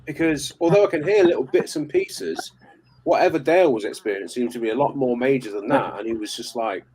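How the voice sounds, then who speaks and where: A man talks through a story in loose, casual chat, circling back and restarting his sentences. His pitch sits mid-range and his delivery stays conversational on a live call. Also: brisk, a little mellow, low-quality recording. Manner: rambling, stop-start, with many restarts and fillers. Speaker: paranormal investigator guest. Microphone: remote live call.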